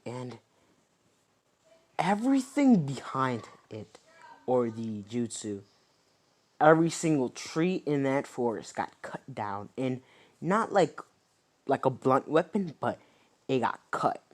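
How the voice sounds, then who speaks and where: A man's voice: medium pitch, sing-song, slow pace, long pauses, a little mellow. A young man makes up a fan story as he goes. He rambles, stumbles over fillers and corrects himself mid-sentence. The telling is loose and casual. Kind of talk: improvised fan story narration.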